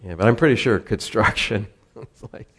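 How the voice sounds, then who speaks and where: A man's voice: lowish voice, expressive, normal speed, a bit bright, slight background noise. A man, telling a rambling personal story in a casual way, often chuckling. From Southern California. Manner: rambling, chuckles often, many fillers and restarts.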